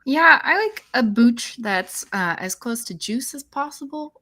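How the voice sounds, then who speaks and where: A woman's voice: fairly high pitch, expressive, unhurried, bright, forceful tone. A woman guest on a casual podcast chat, making wry, playful remarks.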